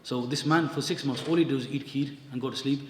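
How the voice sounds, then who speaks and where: Fast-talking male storyteller in an echoey hall. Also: mid-range voice, slight background noise. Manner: lively storyteller acting out quotes, mixing in Punjabi. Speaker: Sikh scripture teacher. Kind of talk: religious storytelling lecture. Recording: echoey hall from far off, faint ambience.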